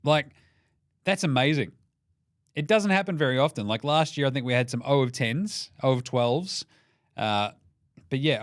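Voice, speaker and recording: A man's voice: medium pitch, no echo, clean studio sound. A young Australian man hosting a casual basketball podcast, irreverent and sweary, joking through the day's results. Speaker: NBA podcast host. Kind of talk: casual sports commentary.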